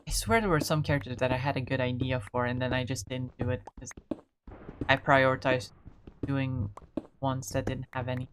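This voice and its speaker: A woman's voice: a bass voice, fairly even intonation, a little fast, background noise. A woman streamer chatting casually to herself while playing, muttering, swearing and trailing off mid-thought.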